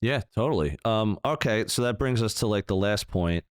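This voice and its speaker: A man's voice: on the low side, normal speed, clean tone, dry recording, studio quality. A young adult man co-hosting a business podcast, talking casually and acting out example dialogue with lots of fillers. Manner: animated, acts out quoted dialogue, many "like" fillers. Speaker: podcast co-host.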